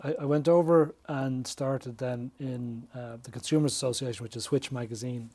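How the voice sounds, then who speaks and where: Guy on a podcast, warm mellow voice, animated storyteller, does the voices of people he quotes. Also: mid-range voice, moderate pace. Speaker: podcast guest, business coach. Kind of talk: casual interview chat.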